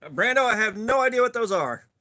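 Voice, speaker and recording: A man's voice: sits high, sing-song, quick pace, bright, forceful tone. A man hosting a casual live stream, greeting viewers by name and rambling chattily between topics. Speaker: livestream host.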